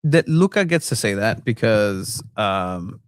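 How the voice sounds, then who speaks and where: A man's voice: on the low side, very animated, takes it slowly, clean tone, no room sound, studio quality. A man co-hosting a casual sports podcast, loose and joking, with plenty of ums and uhs. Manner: joking, loose, filler-heavy. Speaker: podcast co-host.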